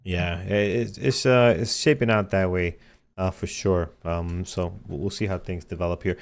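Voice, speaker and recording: Deep-voiced male trading show host. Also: fairly even intonation, moderate pace, creaky. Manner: casual, reads tickers aloud, repeated cautions. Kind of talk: live market commentary.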